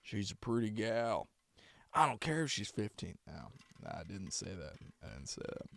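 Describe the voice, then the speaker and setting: A man's voice: lowish voice, very animated, moderate pace, vocal fry, a bit bright, no room sound. A man, a voice actor, chatting with his stream viewers in a loose, rambling way. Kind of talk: casual live-stream chat.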